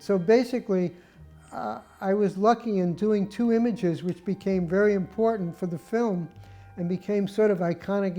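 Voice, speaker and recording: A man's voice: high voice, dark tone. An older man, a film set photographer, telling stories from past shoots in an interview and acting out remembered quotes. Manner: anecdotal, acts out remembered quotes. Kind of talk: storytelling interview.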